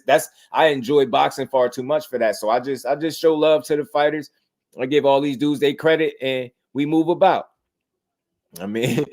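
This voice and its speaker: A man hosting a casual boxing livestream, talking in a laid-back, slangy way and greeting viewers in the chat by name. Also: mid-range voice.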